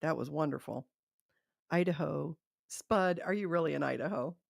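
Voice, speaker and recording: Woman, gravelly low voice, dry close sound, chatty livestream host, laughs a lot. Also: normal speed, no echo. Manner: chatty, rambling, laughs often. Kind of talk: casual live chat.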